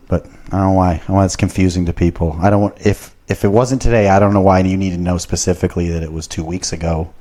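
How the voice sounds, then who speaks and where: A male podcast host with a fairly low voice drifts from one tangent to the next in relaxed conversation. He talks loosely and curses often. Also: fast talker, few pauses. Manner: rambling, heavy swearing. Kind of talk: casual chat.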